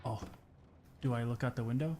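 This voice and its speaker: A man's voice: medium pitch, brisk, background noise. A young man playing a horror game, joking to himself and breaking into jumpy outbursts, sounding tired. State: tired, yawning. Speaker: gaming streamer. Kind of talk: horror game let's play commentary.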